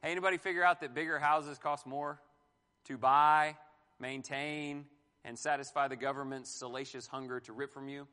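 A man in his forties teaching a Bible class on marriage, animated, asking the room questions and joking. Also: medium pitch, moderate pace, clear, resonant tone, in a large hall. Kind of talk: sermon-style Bible teaching.

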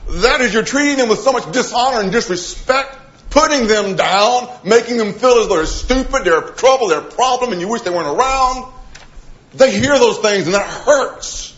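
A middle-aged man preaching a sermon, animated, acting out quoted voices and dropping to a soft voice for emphasis. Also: very high voice, normal speed, dull audio.

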